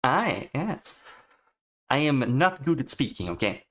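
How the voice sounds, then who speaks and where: A man giving casual, excitable commentary while playing a video game, swearing and chatting to the animals he meets. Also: mid-range voice, unhurried, long pauses. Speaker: gaming streamer.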